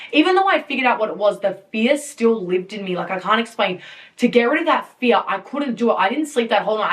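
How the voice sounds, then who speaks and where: A woman in her twenties hosting a podcast, telling a story casually in an animated way with frequent laughs and swearing. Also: mid-range voice, far from the mic. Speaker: podcast host. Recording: voice a bit off-mic.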